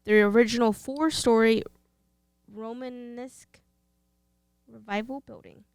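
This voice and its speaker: A woman's voice: on the high side, fairly even intonation, unhurried, smooth, dry recording. A woman with a Texan accent co-hosting a podcast, reading history notes and bantering playfully. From Texas. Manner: playful, reads facts then banters. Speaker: podcast co-host. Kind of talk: casual chat.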